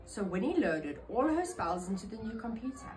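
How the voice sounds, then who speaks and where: A woman reading a children's picture book aloud in an expressive, animated storytelling manner. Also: mid-range voice, moderate pace, slight background noise, rough recording.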